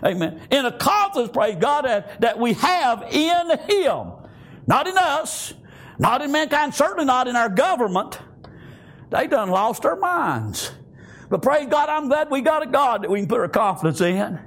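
Fervent, folksy male preacher with a very high voice, delivering a sermon. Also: very animated, moderate pace, fairly bright tone. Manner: fervent, with frequent amens and praise Gods.

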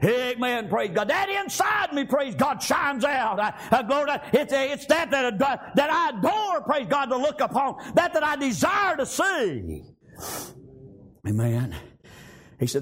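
A man preaching a sermon, shouting out emphatic lines and punctuating them with frequent amens. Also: extremely high pitch, big pitch swings, a little slow.

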